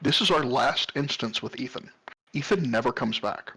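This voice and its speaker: A man's voice: mid-range voice, animated, moderate pace, bright, forceful tone, slightly rough, low-quality recording. A man co-hosting a podcast, chatting casually and asking pointed, detail-focused questions. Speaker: podcast co-host. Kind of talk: casual chat.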